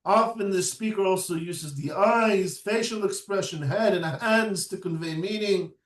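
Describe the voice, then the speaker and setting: A man lecturing at a slow, deliberate pace, his voice sitting notably high for a man. He keeps checking in with the listener with a questioning "right?" and fills gaps with "uh". He is picked up from some distance in an echoey room. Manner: unhurried, often adds a questioning "right?" and "uh". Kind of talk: recorded lecture.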